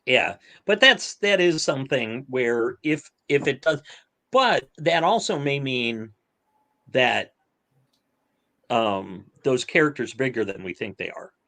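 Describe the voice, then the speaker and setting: A man co-hosting a podcast, joking and chatting casually, halting with fillers. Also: mid-range voice, expressive, creaky, bright, forceful tone. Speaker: podcast co-host. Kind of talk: casual chat.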